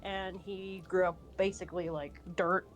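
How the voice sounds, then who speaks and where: A woman's voice: on the low side, fairly even intonation, moderate pace. A woman streamer chatting casually and animatedly, rambling with many fillers and restarts, and swearing now and then. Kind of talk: casual chat while drawing.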